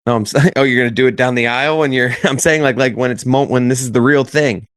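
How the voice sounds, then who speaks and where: A man's voice: mid-range voice, fairly even intonation, quick pace, fairly bright tone, dry recording, clean studio sound. A young adult man co-hosting a podcast in casual chat, teasing and acting out scenes in little voices. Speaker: podcast co-host.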